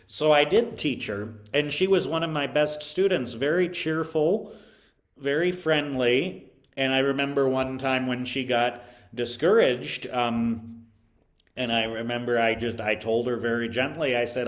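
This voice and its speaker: A man interviewed about his time as a violin teacher, telling stories thoughtfully, with frequent pauses, fillers and restarts. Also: mid-range voice. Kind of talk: reflective interview storytelling.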